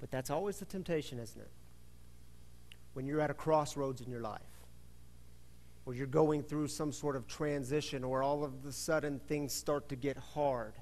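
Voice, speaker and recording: A man's voice: mid-range voice, normal speed. Man preaching in an echoing church. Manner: animated storytelling, acts out voices. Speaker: pastor. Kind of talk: sermon. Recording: reverberant hall.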